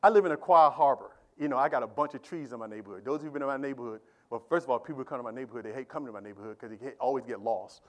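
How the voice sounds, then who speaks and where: A man preaching a sermon in a church. He talks plainly, repeats himself, and swings between loud calls to the congregation and quiet asides. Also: medium pitch, rapid-fire, few pauses. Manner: call-and-response preaching, loud and quiet by turns; colloquial, repeats words. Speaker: pastor.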